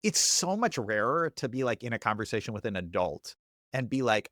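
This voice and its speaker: Animated man, dry close sound. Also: medium pitch, fairly quick, no echo. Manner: animated, acts out quoted voices. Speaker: podcast guest, comedian. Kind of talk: casual chat.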